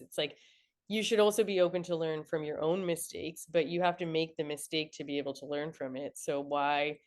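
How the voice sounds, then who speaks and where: A young woman entrepreneur talking through lessons in a casual interview, reflective and peppered with "like". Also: low voice. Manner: reflective, frequent "like" fillers. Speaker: entrepreneur guest.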